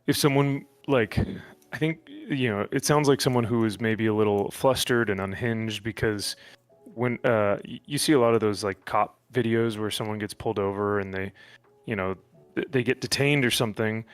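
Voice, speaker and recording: A speaker in casual stream chat, talking thoughtfully with many pauses and restarts. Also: medium pitch, dry recording, faint music behind. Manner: thoughtful, hesitant, many fillers. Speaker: stream co-host.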